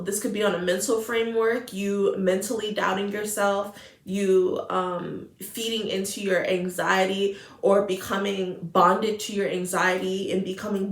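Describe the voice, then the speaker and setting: Woman tarot reader, earnest and emotional, middle pitch, roomy echo around her voice. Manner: earnest, emotional, repeats phrases. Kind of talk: spiritual tarot reading.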